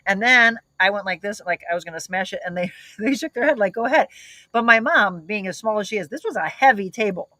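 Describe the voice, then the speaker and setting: A woman host from South St. Louis chats casually and tells family stories, laughing often. Her voice is bright and forward. The sound is close and dry. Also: mid-range voice, fast, few pauses, no echo, rough recording. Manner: lively storyteller, laughs often. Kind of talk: casual chat.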